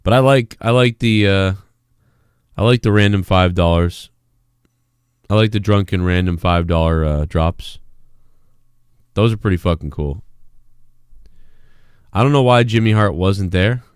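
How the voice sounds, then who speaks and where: Man, live-stream host, rambling casual chat, low smooth voice, dry close sound. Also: measured pace, pauses often, no echo. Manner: rambling, swears freely, reads chat messages aloud.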